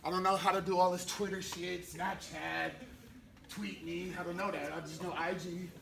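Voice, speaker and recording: A young man from San Francisco, performing slam poetry in a loud, brash, playful way that swells into shouted declarations. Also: high-pitched, level tone, normal speed, gravelly. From San Francisco, California. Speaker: spoken word poet. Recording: far from the mic, noisy crowd.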